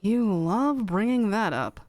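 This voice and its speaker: A woman's voice: lowish voice, moderate pace, smooth, dry recording, faint music behind, close to an everyday voice. A woman voicing a cool, aloof young woman who speaks dryly in a fanfic reading. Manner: dry, deadpan. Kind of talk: fanfic read-aloud on stream.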